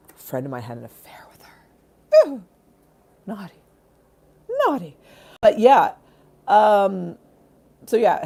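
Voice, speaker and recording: A woman chatting live from her phone, drifting from thought to thought and swearing casually as she reads out viewer comments. Her voice is low and mellow. She sounds loose and unscripted. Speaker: livestream host. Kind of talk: casual livestream chat.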